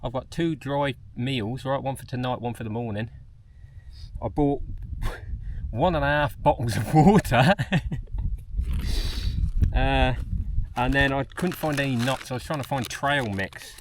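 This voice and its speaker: A man's voice: mid-range voice, unhurried, pauses often, a little hiss or hum. A man, chatting casually to the camera while hiking outdoors on a mountain trail. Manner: chatty, rambling, talks to animals and camera. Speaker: vlogger.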